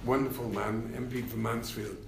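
An older man, a former party leader, telling anecdotes in an unhurried interview, with many fillers and wry laughs. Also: medium pitch, level tone, creaky, roomy sound, a little hiss or hum. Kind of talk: reflective interview conversation.

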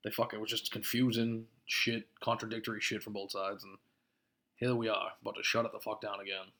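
A man with a lowish voice rants on his podcast. He swears freely and laughs at his own lines as he gets worked up. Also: flat delivery, brisk, sharp tone. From Massachusetts. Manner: profane, laughing, worked-up ranting. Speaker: podcast host. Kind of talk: casual ranting podcast monologue.

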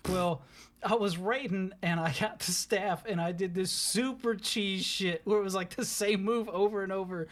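Animated young man telling game stories. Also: high-pitched, normal speed. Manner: animated, laughing, swearing, acts out quotes. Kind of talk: casual storytelling chat.

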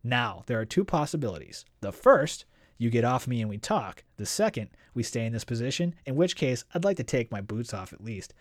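A cool, unflappable young swordswoman, read aloud by a man, talking calmly and dryly. Her lines come quiet and low-key, in a dry, close sound with no room around them. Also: a little fast, no echo. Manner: calm, dry, reasonable. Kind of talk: reading a novel aloud.

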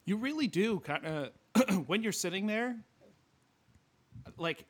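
A man co-hosting a podcast, speaking in a slightly high voice. He talks in a loose, joking way and swears casually. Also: expressive, slow, fairly bright tone, breathy edge. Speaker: podcast co-host. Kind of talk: casual comedic chat.

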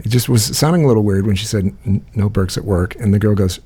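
A man's voice: fairly low pitch, brisk, mellow, husky. A man co-hosting a podcast, telling a rambling story in casual chat, with many restarts and frequent laughter. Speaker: podcast co-host.

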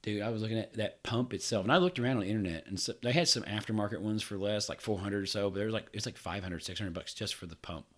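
A man's voice: on the low side, fast talker, few pauses. A man co-hosting a podcast, telling a rambling, profane story in casual chat with frequent laughs. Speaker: podcast co-host.

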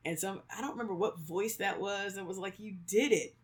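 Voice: mid-range voice, a little fast. A podcast co-host in their thirties talking casually, leaning on "like" and acting out quoted lines with frequent laughs. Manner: animated storyteller, acts out quotes, many "like"s; laughs often. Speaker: podcast co-host, creator of fictional worlds. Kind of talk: casual chat.

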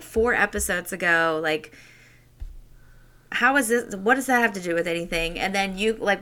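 明亮的女声，随意闲聊. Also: female voice, mid-range voice, pushed and bright. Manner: loose, rambling talk full of "like". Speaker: podcast co-host. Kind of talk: casual chat.

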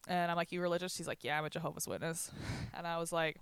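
A woman's voice: fairly low pitch, steady tone, rapid-fire, gravelly, few pauses, clear, resonant tone, no room sound. A woman telling stories in a casual chat, laughing often and acting out what others said.

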